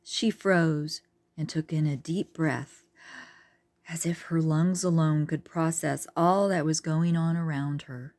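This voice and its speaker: A woman reading a children's book aloud, unhurried, with chatty asides to her listeners. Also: low voice, steady tone, a little mellow, no room sound. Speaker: reader.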